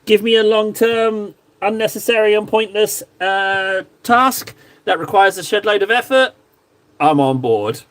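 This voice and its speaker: A man casually chatting to his stream viewers while painting models, joking around and sometimes mock-shouting at them. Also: high-pitched, measured pace. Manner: playful, jokey, mock-shouts insults at viewers. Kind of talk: casual live-stream chat.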